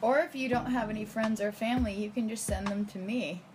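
A woman's voice: mid-range voice, steady tone, a little fast, music in the background. A woman co-hosting a podcast, teasing her co-host in casual, blunt banter.

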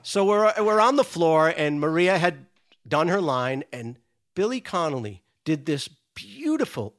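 A man's voice: sits high, very animated, unhurried, fairly bright tone. A middle-aged man from Rhode Island, telling stories as a guest in casual chat. He acts out the people in his stories and laughs often while he talks. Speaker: podcast guest. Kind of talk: casual storytelling.

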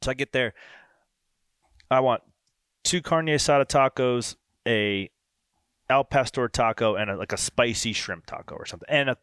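A man hosting a podcast, telling a casual story with lively quoted dialogue. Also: medium pitch, normal speed, long pauses, clear, resonant tone, no echo, studio quality. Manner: animated anecdote with quoted dialogue. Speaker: podcast host.

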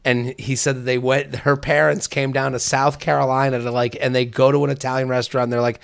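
A man hosting a comedy podcast, chatting casually, laughing often and slipping into quick impressions. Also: medium pitch, little pitch movement, gravelly, clear, resonant tone. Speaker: podcast host.

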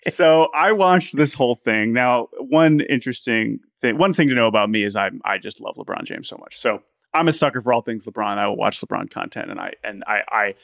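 An eager male podcast co-host who rambles, restarting his sentences as he builds a point. His voice sits in a middle pitch, and the recording is dry and close-miked. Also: brisk, vocal fry, few pauses, fairly bright tone, no echo. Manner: enthusiastic, rambling with many restarts. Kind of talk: casual podcast chat.

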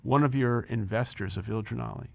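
With a brisk, gravelly, mid-range voice, this man in his sixties recounts a personal story during an interview. Once the head of a company, he animatedly voices the quoted lines and repeats himself as he gets carried away.

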